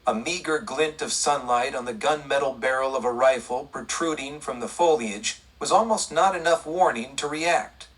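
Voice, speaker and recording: A man narrating a western audiobook in a steady, even storytelling read. His voice is husky, of middling pitch, and recorded a little way back from the microphone. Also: normal speed, few pauses, far from the mic, rough recording. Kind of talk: scripted narration.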